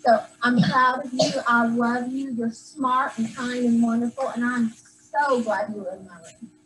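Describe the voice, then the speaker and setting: A woman teacher handing out awards to her first-grade class, speaking with warmth and sometimes getting teary. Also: fairly high pitch, fairly even intonation, measured pace. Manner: affectionate, gets teary. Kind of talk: award ceremony speech to a class. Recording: distant camera, faint room noise.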